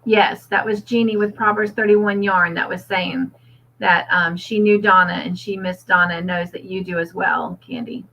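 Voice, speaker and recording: A woman's voice: on the low side, steady tone, moderate pace. A woman hosting a casual livestream, reading out viewer comments and chatting back with frequent laughs. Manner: chatty, warm toward viewers, laughs often. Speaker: host. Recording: slightly dull lo-fi audio.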